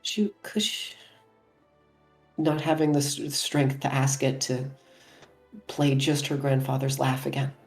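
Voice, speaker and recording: A woman player narrating her character's actions, soft and halting. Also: a bass voice, flat delivery, faint music behind.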